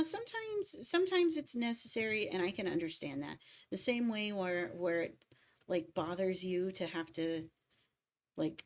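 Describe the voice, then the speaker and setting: A woman's voice: on the low side, darkish tone. A young adult woman chatting casually and emphatically on a music livestream. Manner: opinionated, emphatic about word stress. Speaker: music cover artist streaming.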